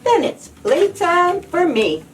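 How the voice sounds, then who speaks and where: A woman voicing a carefree, playful little pig with a high, squealy voice, read from a storybook and recorded from a distance. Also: very animated, slow, a little hiss or hum, exaggerated voice. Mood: cheerful.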